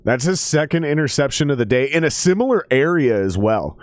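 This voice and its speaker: A man chatting casually on a live stream while watching football, loose and profane, jumping into excited play-by-play. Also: mid-range voice, fairly quick, dry recording, clean studio sound. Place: table at home.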